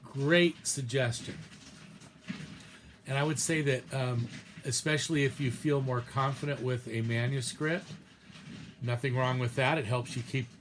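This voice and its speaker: A man of ordinary pitch teaches preaching in an easygoing, rambling lecture. He hesitates often, backs up mid-sentence and sprinkles in fillers. Now and then he reads a short passage aloud from a text. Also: fairly even intonation, unhurried, pauses often, slight background noise. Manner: loose and hesitant, with many fillers and restarts. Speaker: preaching instructor. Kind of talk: casual recorded lecture.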